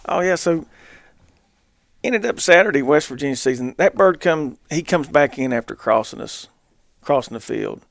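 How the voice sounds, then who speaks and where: A man's voice: fairly high pitch, expressive, moderate pace, creaky, dry recording, studio quality. A man, co-hosting a podcast, tells a hunting story in casual chat and laughs through his punchlines. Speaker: podcast co-host.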